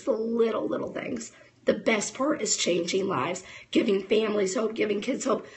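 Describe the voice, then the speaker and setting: A woman's voice: mid-range voice, rough recording. A woman in her thirties giving a casual, fired-up motivational talk to camera as a network marketing distributor, chatting straight to her viewers.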